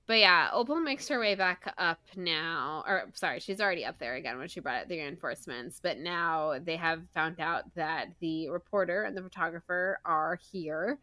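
A woman co-hosting a casual book podcast, retelling a chapter with an animated, giggly manner and lots of "like" fillers. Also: sits low, moderate pace, no echo. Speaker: podcast co-host. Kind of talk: casual book-club chat.

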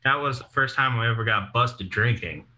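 Bright-voiced young man telling wild stories. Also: medium pitch, moderate pace, poor audio. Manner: profane, laughing storyteller acting out quotes. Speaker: podcast guest. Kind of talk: casual storytelling.

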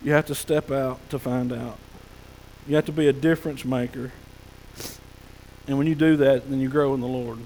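A male pastor preaching a folksy sermon, sometimes dropping to a soft hush. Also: mid-range voice, fairly even intonation, moderate pace, big-room sound, slight background noise, rough recording. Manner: folksy preaching, drops to soft hushed tones for God's whispers. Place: church sanctuary.

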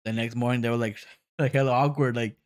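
A man's voice: mid-range voice, steady tone, quick pace, dry recording, clean studio sound. A young man in casual chat with friends, talking in slang, swearing and laughing.

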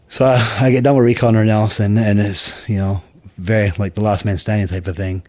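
A middle-aged man from Scotland with a Scottish accent, telling stories from his life in a casual interview, halting and full of restarts. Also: level tone. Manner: halting, many restarts, low and quiet asides. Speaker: podcast guest.

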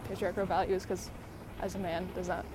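A woman talking casually to her viewers while walking outdoors, out of breath and breathy, rambling with lots of fillers and little laughs. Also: fairly low pitch, little pitch movement, a little fast, noisy background. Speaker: vlogger. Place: outdoors on a walk, birds about.

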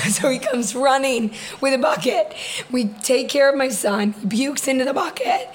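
A woman's voice: high-pitched, expressive, normal speed. A woman co-hosting a podcast, telling a story in a chatty way and laughing often. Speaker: podcast co-host. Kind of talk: casual chat.

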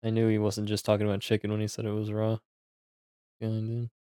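A man's voice: fairly low pitch, monotone, fairly quick, mellow, smooth, dry recording, studio quality. A young man in casual podcast chat, laughing often and teasing himself. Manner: laughing, self-mocking banter.

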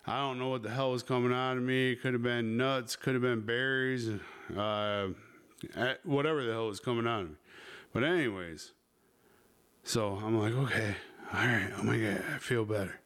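A man's voice: medium pitch, normal speed, fairly bright tone, clear, resonant tone. A man hosting a podcast, telling a crude story in a rambling, casual way with lots of swearing. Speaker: podcast host.

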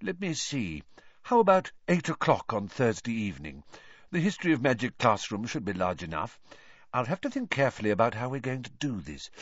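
A man voicing a calm, thoughtful adult male teacher explaining carefully in an audiobook. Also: medium pitch, brisk, slightly rough, no room sound, pitched above the performer's own voice. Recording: dull lo-fi.

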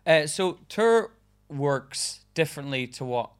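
A man's voice: on the high side, animated, slow, clean tone. Young man telling stories with a laugh. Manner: laughs often, swears, rambling storytelling. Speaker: stand-up comedian guest. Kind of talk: casual podcast chat.

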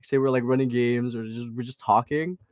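A young man co-hosting a podcast in slangy casual chat, laughing often and talking in quick bursts. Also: medium pitch, fairly even intonation, darkish tone, smooth, dry recording, studio quality. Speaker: podcast co-host.

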